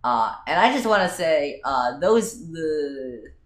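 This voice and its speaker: A man's voice: on the high side, very animated, slow. Hesitant man chatting in a roomy space. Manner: hesitant, many ums and restarts. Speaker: podcast co-host. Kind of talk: casual chat. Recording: roomy echo.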